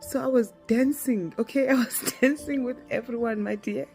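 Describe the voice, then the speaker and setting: A young woman telling a casual storytime, animated and laughing often as she acts out the dialogue. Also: fairly high pitch, moderate pace, vocal fry, soft background music. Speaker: storytime vlogger.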